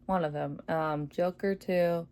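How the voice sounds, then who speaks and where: A woman giving a casual, excited movie review, chatty and full of fillers, laughing often. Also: on the low side, unhurried. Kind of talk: casual spoiler review vlog.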